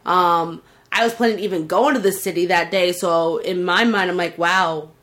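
A woman's voice: lowish voice, steady tone, normal speed, a bit bright. Boston lady joking around on a podcast, rambly, keeps restarting. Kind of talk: casual podcast chat.

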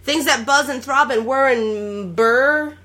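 A woman's voice: sits high, takes it slowly, pushed and bright. A young woman co-hosting a casual gaming and gadget podcast, playful and goofy, swearing freely. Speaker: podcast co-host.

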